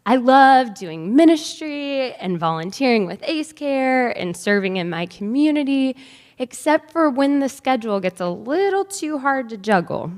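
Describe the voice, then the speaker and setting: A woman in her thirties gives a personal storytelling speech at a ceremony. She talks in a chatty, conversational way, with a somewhat high voice. Her words ring out through a large theatre with a long reverb, picked up by a podium microphone. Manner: conversational, chatty, with light laughs. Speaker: faculty speaker at a white coat ceremony.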